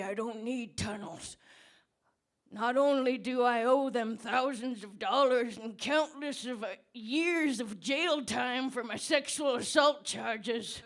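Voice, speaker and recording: A woman voicing an unhinged old man who lives under a bridge, rambling slowly on a pub stage with sudden shouts. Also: fairly high pitch. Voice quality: gravelly, creaky old-man voice. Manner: slow, rambling, with bursts of shouting. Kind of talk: comedic character monologue at a live debate.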